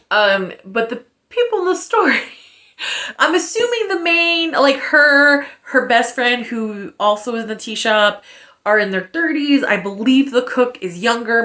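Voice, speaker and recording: A woman's voice: mid-range voice, a bit bright. A woman in her thirties ranting casually in a book review, blunt and sarcastic, swearing freely with lots of fillers.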